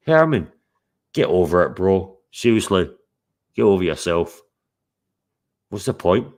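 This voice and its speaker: Sweary man, fairly low voice. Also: fairly bright tone. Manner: blunt, sweary, confrontational. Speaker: live stream host. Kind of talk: heated live stream chat.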